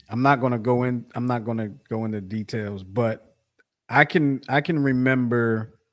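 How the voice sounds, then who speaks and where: A man's voice: medium pitch, fairly even intonation, moderate pace, fairly bright tone. A man co-hosting a sports podcast, chatting casually, rambling with many restarts and fillers. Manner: rambling, repeats himself, frequent fillers. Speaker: podcast co-host.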